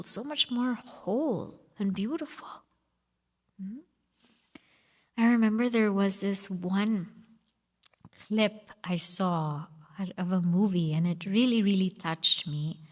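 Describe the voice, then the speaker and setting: A woman giving a spiritual retreat talk with stories, repeating phrases and dropping to a whisper for emphasis. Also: on the high side. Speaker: spiritual teacher. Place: retreat hall. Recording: long reverb of a hall.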